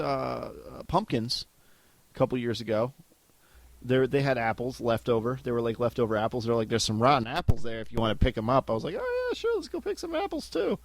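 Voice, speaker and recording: A man's voice: medium pitch, no echo. A man co-hosting a casual podcast on a headset mic, joking around and acting out the voices in his stories. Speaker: podcast co-host.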